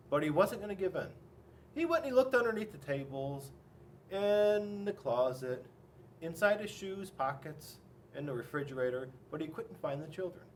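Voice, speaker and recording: Man reading storybooks to kids, high lively voice, a bit off-mic. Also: recorded from a distance. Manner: playful, animated, exaggerated storyteller. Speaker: police officer reading to children. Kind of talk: children's storybook read-aloud.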